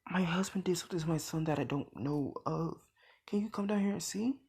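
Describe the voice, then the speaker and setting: A young man putting on the high, panicked voice of a frantic mother in a fan story he is telling. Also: fairly even intonation, moderate pace. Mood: frantic whisper.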